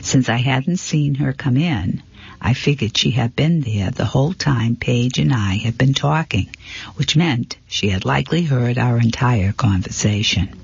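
Man, breathy husky voice, first-person mystery narration, dull lo-fi sound, steady reading with the odd slip. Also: mid-range voice, measured pace. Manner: steady reading with occasional stumbles and self-corrections. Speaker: audiobook reader.

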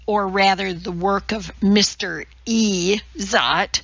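A woman's voice: medium pitch, fairly even intonation, takes it slowly, a bit bright, dry recording. A woman voicing a snide, mocking office gossip. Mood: needling. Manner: sarcastic, needling. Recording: slightly dull lo-fi.

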